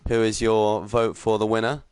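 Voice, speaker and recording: A man giving upbeat live commentary on a sim racing league stream, chatting with viewers and filling pauses with ums and uhs. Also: lowish voice, little pitch movement, darkish tone, clean tone, no echo. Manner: greets chat viewers while commentating.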